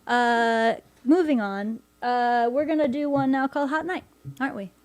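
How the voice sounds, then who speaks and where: A woman hosting her own livestream concert, chatting casually and wryly between songs, with quick quips and quiet asides. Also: on the high side. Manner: wry, joking, talks fast and drops to a quiet aside. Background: guitar playing.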